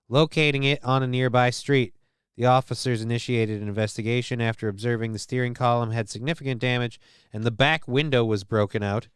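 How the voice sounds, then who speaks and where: A man's voice: mid-range voice, clean tone, no room sound, clean studio sound. A man hosting a casual news show, reading stories aloud and riffing on them with irreverent, profane asides. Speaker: show host.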